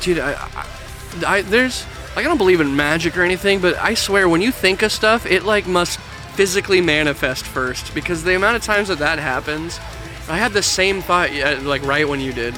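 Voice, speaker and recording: A young man with a slightly raised voice, joking and sarcastic as he chats and laughs a lot. Loud music plays behind him throughout. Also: high voice, animated, moderate pace. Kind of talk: casual chat reacting to music.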